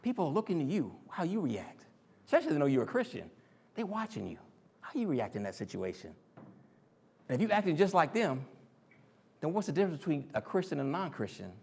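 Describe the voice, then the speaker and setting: Man, sermon, lively pitch, slightly high voice, acts out voices. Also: quick pace, creaky, pauses often, husky. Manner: animated, acts out quoted voices and jokes with the crowd. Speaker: speaker in a church teaching series.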